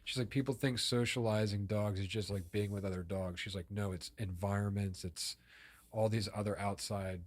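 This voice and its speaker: A man co-hosting a podcast in relaxed casual chat, mostly short agreeing replies. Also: lowish voice, moderate pace. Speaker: podcast co-host.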